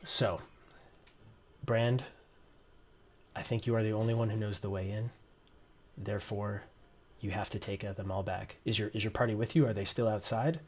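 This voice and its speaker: A man's voice: on the low side, steady tone, moderate pace, long pauses. A man narrating as game master for a tabletop game, hesitant with restarts. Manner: hesitant, many restarts and ums.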